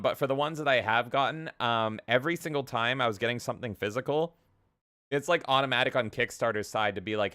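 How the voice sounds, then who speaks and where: A man's voice: mid-range voice, pushed and bright, clear, resonant tone, no room sound. A man co-hosting a podcast, ranting heatedly and profanely, slipping into mocking quoted voices. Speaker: podcast co-host. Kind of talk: casual podcast rant.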